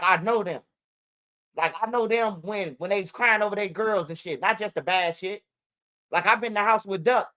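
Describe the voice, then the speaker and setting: Profane woman with a bright voice. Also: mid-range voice, dull audio. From Chicago. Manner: profane, repetitive, animated storytelling. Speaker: channel host. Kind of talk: casual livestream commentary.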